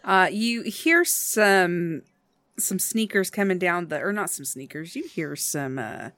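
A woman game master narrating a tabletop role-playing game in slow, unhurried descriptions. Her voice sits at a middle pitch, and the recording is dry and close. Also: expressive, a bit bright, no echo.

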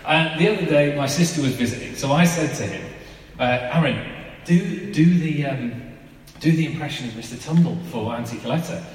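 A man's voice: on the high side, fairly quick. A man, giving an informal, chatty sermon and asking his listeners rhetorical questions. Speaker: preacher. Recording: echoey hall from far off.

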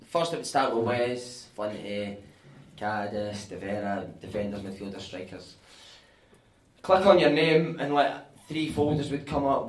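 A Scottish man telling animated, sweary anecdotes on stage at a live podcast show, often laughing as he talks. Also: medium pitch. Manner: animated, sweary, laughing through his stories. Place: live venue with audience. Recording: echoey room, mic at a distance.

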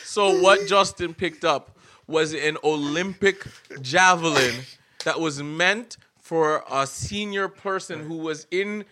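A young man hosting a podcast, telling stories in a casual chat, animated and laughing as he acts out what people said. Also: a little high, takes it slowly. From Canada. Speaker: podcast host.

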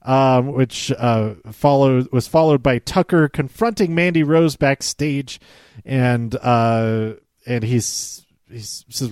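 A man's voice: mid-range voice, a little slow, a little mellow, no echo. A man talks through a wrestling episode in a loose, rambling way, often stumbling and laughing to himself. His voice sits in a middle range, recorded close and dry with no room sound. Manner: rambling, with frequent fillers and laughs. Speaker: wrestling show recapper. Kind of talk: casual recap podcast.

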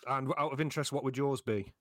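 A man's voice: medium pitch, fast, no room sound, clean studio sound. Man hosting a football podcast. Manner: relaxed, with frequent ums. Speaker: podcast host. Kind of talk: casual podcast chat.

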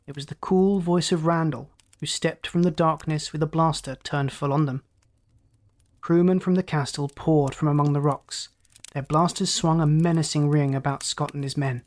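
Storybook narrator, steady, dramatic reading, mid pitch. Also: moderate pace. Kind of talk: audiobook narration.

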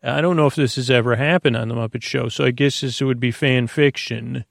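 A man's voice: mid-range voice, steady tone, a little fast, creaky, no room sound, studio quality. A man hosting a sleep podcast, talking in a goofy, meandering way and correcting himself often. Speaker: podcast host. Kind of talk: rambling sleep podcast monologue.

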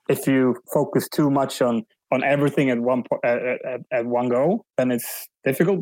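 Halting man with dry sound. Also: mid-range voice, darkish tone, no room sound, low-quality recording. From Sweden. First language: Swedish. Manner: halting, thoughtful, frequent restarts. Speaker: guest. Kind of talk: casual interview.

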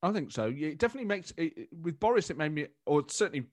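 A man from the of England, a comedian chatting as a guest, animated and quick to restart his sentences. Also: fairly high pitch, no echo. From Nottingham, England. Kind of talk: casual interview chat.

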